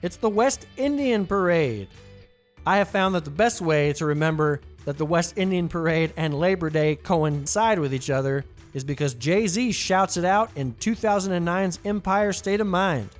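A man's voice: high-pitched, moderate pace, soft background music. A man hosting a trivia podcast, reading answer choices and adding playful jokey asides. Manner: playful, jokey asides, reads options twice. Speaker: trivia host.

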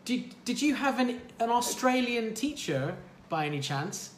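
A man's voice: very high voice, very animated, measured pace. A man hosting a livestream, chatting casually with callers in a friendly way, with lots of fillers and restarts. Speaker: livestream host and English teacher. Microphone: livestream mic. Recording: roomy livestream audio with faint noise.

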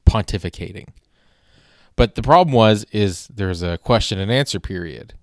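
Recorded dry and close with no room sound, a very low-voiced man rambles through his casual solo podcast. He's wry and self-deprecating, restarts his sentences often and swears casually as the host.

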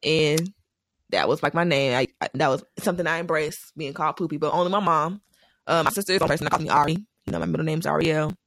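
A young woman in casual chat, telling animated stories and laughing often. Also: low-pitched, fast talker, no room sound.

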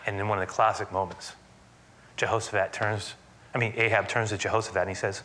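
A man preaching a sermon, retelling scripture in an animated, dramatic storytelling manner. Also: lowish voice, fast talker, a little hiss or hum.

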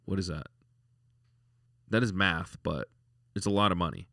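A man's voice: low-pitched, moderate pace, vocal fry, fairly bright tone, dry recording, studio quality. A man of about forty, co-hosting a sports podcast in a rambling, casual way, often repeating words and laughing. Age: 40s. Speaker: podcast co-host.

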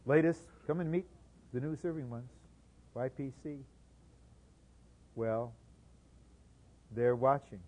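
A man preaching a sermon, swinging between soft asides and loud, emphatic bursts. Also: mid-range voice, slow, pauses often, rough recording.

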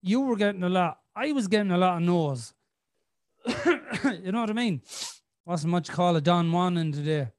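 A man's voice: high-pitched, animated, moderate pace, long pauses, dry recording, studio quality. A middle-aged man, hosting a podcast as a rambling storyteller who swears freely. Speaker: podcast host. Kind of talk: casual chat.

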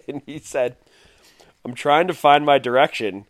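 A man's voice: fairly high pitch, unhurried, no echo. A man co-hosting a casual podcast chat, amused and laughing as he reads out quotes. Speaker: podcast co-host.

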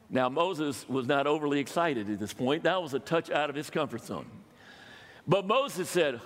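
A man's voice: on the high side, expressive, moderate pace, a bit bright. An older man, a pastor, preaching a sermon in a conversational way and asking his congregation questions. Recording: long reverb of a hall.

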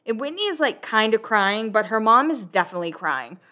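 A woman's voice: a little high, brisk. A young woman hosting a casual recap chat, talkative and swearing freely. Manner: chatty, swears freely, quotes people in animated voices. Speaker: podcast host recapping a reality show.

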